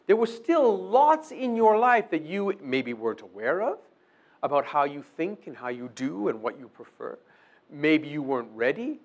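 A man preaching a sermon, asking his listeners questions and acting out quoted prayers. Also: high-pitched. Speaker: pastor.

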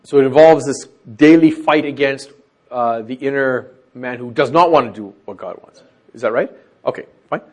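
A man leading a Bible study group, teaching and asking questions, animated as he acts out quoted lines. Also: mid-range voice, normal speed.

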